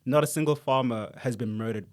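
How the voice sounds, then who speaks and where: South African male co-host, rapid and opinionated, mid-range pitch. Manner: quick, opinionated, animated. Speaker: podcast co-host. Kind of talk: casual chat.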